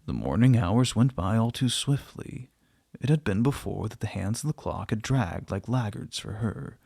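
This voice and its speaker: A man reading a short story aloud in a gentle, unhurried way, voicing the dialogue softly. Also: on the low side, lively intonation, creaky, slightly rough, no echo, studio quality. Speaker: narrator.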